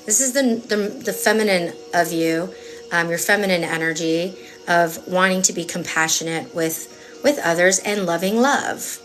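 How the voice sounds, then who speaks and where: A tarot reader with a fairly low, slightly bright voice gives a live-stream reading. She's chatty and emphatic, rambling along with lots of filler words.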